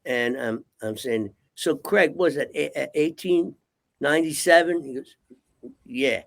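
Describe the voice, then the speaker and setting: A man's voice: on the high side, unhurried, vocal fry. An older man, a guest, telling rambling, profane stories in casual talk and punctuating them with "okay?". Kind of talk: casual storytelling.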